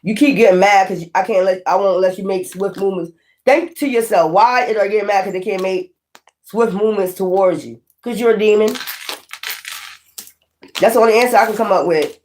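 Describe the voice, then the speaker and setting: A tarot reader giving a casual spiritual reading in a blunt, profane, emphatic way. The voice sits at an ordinary middle pitch. The reader talks straight to the viewers like a preacher. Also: brisk, a little mellow. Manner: preachy, addresses viewers directly.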